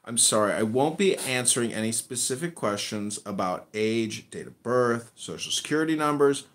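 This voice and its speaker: Hosting a live audio chat room, this man has a medium-pitched, expressive voice and a moderate pace. He is brash and crude, mocking and insulting his guests and stretching out words to ridicule them in casual chat.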